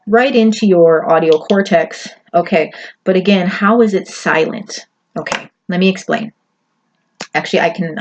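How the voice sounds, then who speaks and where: Chatty woman presenter, lo-fi recording. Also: on the low side. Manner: chatty, often checks in with "right?" and "okay". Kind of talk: casual lecture over slides. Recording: dull lo-fi audio with faint noise.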